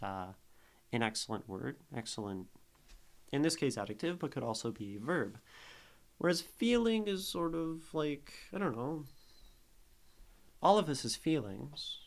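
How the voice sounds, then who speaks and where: Young male streamer, mid-pitched, slow and musing, thinks aloud while critiquing poetry. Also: vocal fry.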